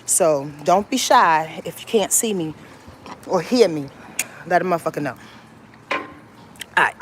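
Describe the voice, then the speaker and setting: A woman's voice: fairly low pitch, unhurried. A woman astrologer streaming from her phone, her voice swinging widely up and down as she talks. She swears freely and hammers her points home with repetition. A faint hum of ambience sits underneath. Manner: animated, profane, emphatic and repetitive. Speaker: astrologer hosting a weekly rundown. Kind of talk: casual livestream talk. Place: moving through a building. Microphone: handheld phone.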